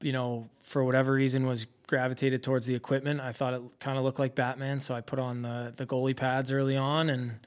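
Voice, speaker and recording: A relaxed young man talking about his hockey life in an easy, unhurried way. He drops plenty of ums and uhs and slips in dry little jokes. His voice sits at an ordinary middle pitch for a man. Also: clean tone. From Massachusetts, US. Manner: easygoing, relaxed, with many fillers and light jokes. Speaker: professional hockey goaltender, guest. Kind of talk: casual interview chat.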